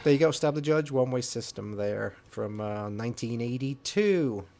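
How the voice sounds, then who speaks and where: An older man talks in a loose, rambling way, padding his sentences with fillers and restarts. His voice sits at an ordinary middle pitch. It is relaxed podcast chat with his co-host. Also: moderate pace, creaky, loud music behind the voice. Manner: rambling, chatty with frequent fillers. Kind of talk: casual chat about music.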